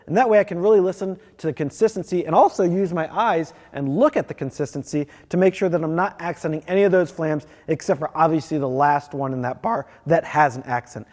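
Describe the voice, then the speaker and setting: A man teaching snare drum technique, explaining each step clearly and methodically. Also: fairly high pitch, darkish tone, big-room sound. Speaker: percussion teacher. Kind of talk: instructional demonstration.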